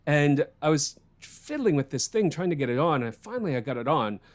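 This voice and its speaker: A man hosts a casual podcast, swearing freely and laughing as he tells a story. His voice sits a little high and swings widely in pitch, and his delivery is animated. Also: brisk. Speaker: podcast host.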